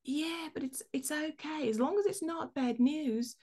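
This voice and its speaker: A woman's voice: high voice, a little slow, mellow, pitched above the performer's own voice. A woman putting on a drowsy Australian woman, whispered as if just woken in the night. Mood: sleepy.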